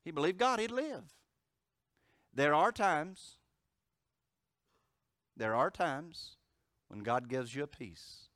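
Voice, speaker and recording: A man preaching a sermon as pastor, moving from loud emphatic declarations to hushed storytelling. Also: on the high side, expressive, slow pace, pauses often, dry recording, clean studio sound.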